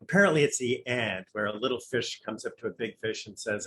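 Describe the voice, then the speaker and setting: A man's voice: mid-range voice, a little fast, few pauses, pushed and bright, slight background noise, rough recording. A man, a Zen Buddhist priest, giving an informal dharma talk, musing and conversational as he thinks aloud with a light touch of humor.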